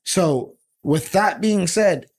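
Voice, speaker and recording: A man co-hosting a podcast, a little tipsy from drinking. He chats casually in a fairly high voice, often halting and restarting his words. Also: expressive, a little mellow. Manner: halting, restarts words, says he is slurring from liquor. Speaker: podcast co-host. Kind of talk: casual chat.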